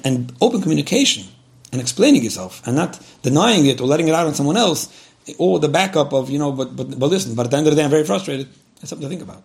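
A man delivers an earnest religious lecture at a quick clip. His voice carries a gravelly, creaky edge, and he speaks frankly and directly, circling back to repeat his key points. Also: medium pitch, darkish tone. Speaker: religious lecturer giving a shiur. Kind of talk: earnest spoken advice lecture.

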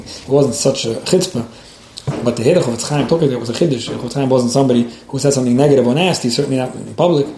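In a mellow, mid-range voice, a male lecturer mixes stories into a lesson on child education, frequently restarting and repeating words. The recording has room echo and a faint hiss in the background.

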